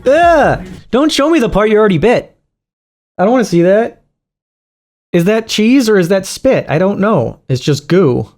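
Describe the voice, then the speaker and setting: A man hosts a reaction video in loose, casual commentary. He is sarcastic and profane, mocking whatever he is watching. His voice sits somewhat high. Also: big pitch swings, normal speed.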